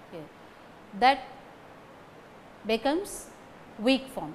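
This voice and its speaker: A woman giving a recorded lecture on phonetics, speaking deliberately, repeating example sentences and checking in with "okay" between points. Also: sits high, lively intonation, a little hiss or hum, rough recording.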